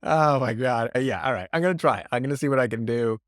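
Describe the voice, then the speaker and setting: A man rambles through upbeat news with jokes and self-mockery. His pitch swings lively from phrase to phrase, and he sits close to a podcast mic in a dry, dead room. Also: very fast, no room sound. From Canada. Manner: rambling, joking, self-deprecating. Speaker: podcast host. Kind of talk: casual comedic news talk. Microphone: podcast microphone.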